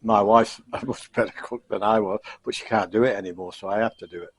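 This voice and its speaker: A middle-aged man giving a casual, rambling sign-off to camera from a home kitchen, halting with lots of fillers, chuckling and self-deprecating. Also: lowish voice, fairly even intonation, husky. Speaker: cooking vlogger. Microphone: camcorder.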